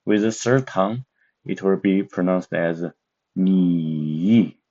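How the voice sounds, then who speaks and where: A man with a very low voice teaches a language lesson at an unhurried pace. He explains step by step and pauses often to search for words. The recording sounds dull and muffled. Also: a little mellow. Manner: slow, careful, with many fillers and pauses. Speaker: Mandarin teacher.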